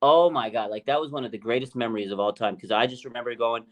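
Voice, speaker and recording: A man hosting a casual sports chat, telling stories in an excitable, emphatic way. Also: mid-range voice, fast talker. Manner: excitable storyteller, animated and emphatic. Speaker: podcast host.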